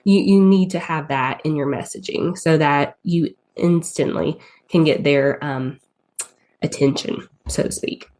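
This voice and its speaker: A woman's voice: low-pitched, measured pace, a little mellow. A woman with a Southern US accent who has a cold, chatting as a podcast guest about advertising, full of ums and likes. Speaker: guest, paid ads strategist. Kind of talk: casual podcast interview.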